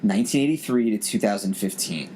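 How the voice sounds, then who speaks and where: A man's voice: on the low side, expressive, fast, mellow. A man in his forties hosting a casual podcast, rambling with many restarts as he thinks aloud. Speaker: podcast host. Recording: faint background noise.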